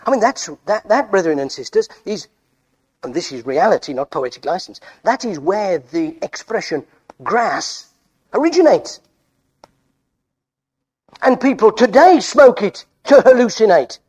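A man preaching a folksy sermon, telling the story with animated, stammering restarts. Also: high-pitched, measured pace, long pauses, husky.

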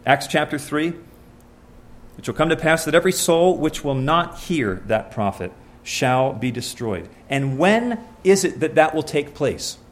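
A man's voice: fairly high pitch, sing-song, a little slow. A man preaching a sermon, reading scripture aloud and asking his listeners questions in an earnest, conversational way.

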